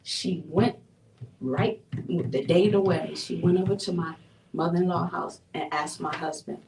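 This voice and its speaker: A woman from Buffalo, New York sharing a personal testimony as an interview guest, telling her story in an animated way with frequent laughs. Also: lowish voice, moderate pace, vocal fry, background noise. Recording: roomy sound from a distant mic.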